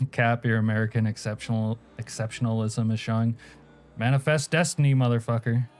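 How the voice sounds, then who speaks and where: A man from Alaska talks at a mid pitch while streaming a game. He answers his chat with crude, joking banter and laughs often. Quiet music plays faintly behind him. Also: steady tone, a little fast. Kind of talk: casual live-stream chat.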